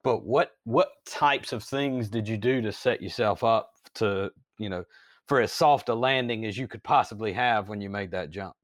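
Measured man with a low, dry voice. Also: dry recording. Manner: measured and thoughtful questioning. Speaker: interviewer. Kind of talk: interview questions.

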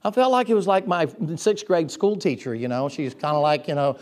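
A pastor preaching from his pulpit in a high-pitched voice. He drops into low, confiding tones and then bursts out loud and excited, often stumbling and restarting his sentences. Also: fairly quick. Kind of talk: sermon.

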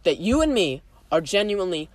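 A woman's voice: lowish voice, sing-song, a little fast, dry recording. A young woman co-hosting a casual podcast with a friend, goofy and jokey, full of fillers and pop-culture references. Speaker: podcast co-host. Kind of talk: casual chat between friends.

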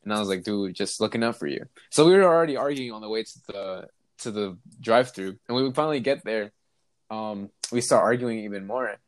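A man's voice: lowish voice, brisk, no echo. A young man telling a funny story in a casual chat, acting out the voices of the people in it and laughing along. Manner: animated, laughs while telling stories, acts out voices.

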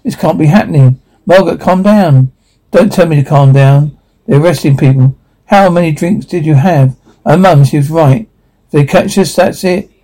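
A man reading out film dialogue and sound captions in one flat voice, taking every character's lines himself. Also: a little high, normal speed, rough recording.

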